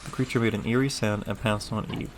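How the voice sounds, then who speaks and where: A man playing a game, reading its text aloud with deadpan, joking asides. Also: lowish voice, fast, slight background noise. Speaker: gamer.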